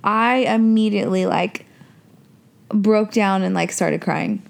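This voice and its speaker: A woman co-hosting a casual chat, telling a story in an animated way and slowing down for emphasis. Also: mid-range voice, creaky.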